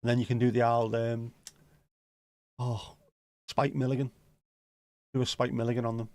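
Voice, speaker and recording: A man's voice: mid-range voice, level tone, normal speed, darkish tone, no echo. Scouse guy rambling on his livestream, jokey and a bit sweary, dry close sound. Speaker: livestream host. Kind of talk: casual livestream chat, answering viewer comments.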